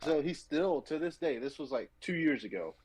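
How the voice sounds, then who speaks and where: A man's voice: a little high, moderate pace, husky, dry recording, low-quality recording. Dry-voiced man telling rowdy stories. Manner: animated storyteller acting out customers' voices. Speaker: podcast co-host. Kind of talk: casual chat.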